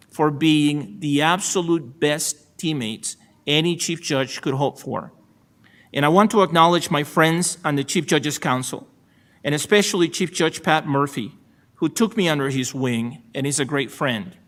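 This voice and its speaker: A middle-aged man from El Salvador with a Salvadoran Spanish accent, giving a formal ceremonial acceptance speech as a new supreme court justice. He is measured and gracious, with dry self-deprecating humor. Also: on the high side, fairly bright tone. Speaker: newly appointed state supreme court justice.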